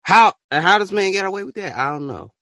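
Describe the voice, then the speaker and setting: A man hosting a podcast, ranting his opinion in an animated, profane way and bursting into shouts. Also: sits high, fast talker, no room sound, studio quality. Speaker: podcast host.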